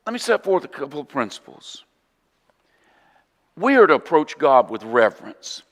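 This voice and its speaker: A male preacher with a Southern US accent, his voice sitting a little high for a man. He preaches earnestly and with emphasis, then drops suddenly to a hushed tone. Each line trails into the long reverb of a church hall. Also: big pitch swings, moderate pace. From southern United States. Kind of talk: sermon. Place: church auditorium.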